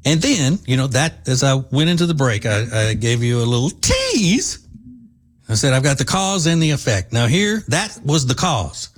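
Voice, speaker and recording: A middle-aged man with a drawl delivers opinionated talk-show commentary. He is sarcastic and mocking, and he hammers his points with heavy emphasis at an ordinary pitch. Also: very animated, normal speed.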